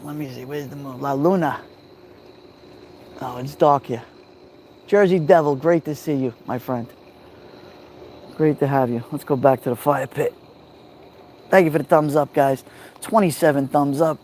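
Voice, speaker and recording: A man with a New York accent hosting a relaxed livestream from a backyard fire pit at night, greeting viewers by name on a phone. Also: on the high side, a little hiss or hum. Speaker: livestream host. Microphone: phone held near the fire.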